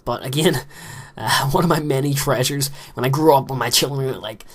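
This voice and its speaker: Recorded in a small closet room, a gaming commentator in his late teens chats through his gameplay in a mid-range voice at a fairly quick clip. His casual commentary wanders and is full of self-deprecation.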